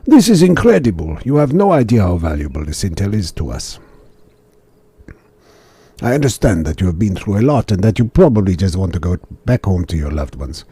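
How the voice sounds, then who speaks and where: Man voicing a mercenary colonel, video game, gruff, commanding, husky, dry sound. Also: low-pitched, lively intonation, warm tone, dry recording, full character voice. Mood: persuasive. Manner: calls everyone son, brisk military briefing.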